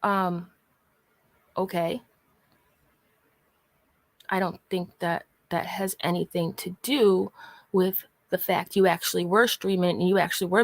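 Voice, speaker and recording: A woman vlogger with a medium-pitched voice goes on a casual, sarcastic commentary rant, exasperated and sighing, repeatedly calling a person out by name. The recording is dry.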